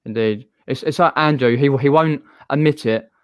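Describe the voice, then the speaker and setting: Hosting a live stream, a man with a Southern English accent chats casually with a guest and reads out viewer comments. He has a clear, resonant mid-range voice at normal speed, recorded with no echo.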